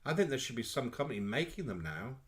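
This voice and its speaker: A fifty-year-old man from northern England with a northern English accent, chatting casually as co-host of a live show. His pitch swings widely as he talks, and he keeps things playful. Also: fast talker. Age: 50s. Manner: lively, playful, slips into quoted comic voices. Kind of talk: casual chat.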